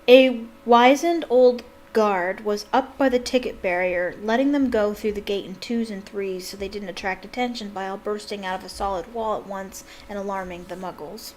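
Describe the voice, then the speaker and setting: A woman's voice: medium pitch, moderate pace, few pauses, a little mellow, a little hiss or hum. A young woman reading a novel aloud as a fan, breaking off with gushing, exclamatory asides. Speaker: book reader and fan. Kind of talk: casual reading aloud with commentary.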